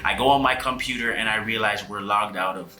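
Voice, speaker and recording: A man's voice: lowish voice, a little fast, bright, forceful tone, echoey room, faint music behind. A man co-hosting a couple's channel, retelling a tense story with intense, breathless delivery. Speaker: channel co-host.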